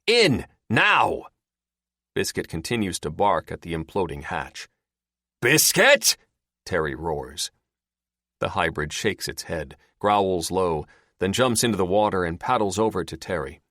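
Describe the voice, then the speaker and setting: Deep-voiced expressive male narrator. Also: normal speed, no echo, clean studio sound. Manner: expressive storytelling. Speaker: audiobook narrator. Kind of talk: scripted narration.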